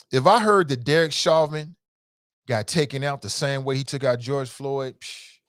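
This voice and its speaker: A man hosting a casual call-in talk show, reading out listener comments and reacting with emphatic, animated commentary and frequent repetition. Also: lowish voice, dry recording, clean studio sound. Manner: animated, emphatic, rises sharply when incredulous; conversational, repeats himself for emphasis.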